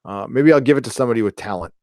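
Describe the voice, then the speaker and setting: A man's voice: mid-range voice, very fast, a little mellow, no echo, studio quality. A middle-aged man hosting a live stream, chatting casually in a rambling, joking way and reading viewer donations aloud.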